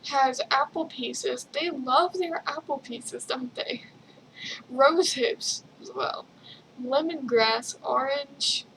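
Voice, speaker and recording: A young woman chats through her video journal in a high, unhurried voice. She rambles, giggles often and leans on ums and likes. A faint hiss sits under her voice. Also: vocal fry, a bit bright, low-quality recording. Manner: rambling, giggly, lots of fillers. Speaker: vlogger.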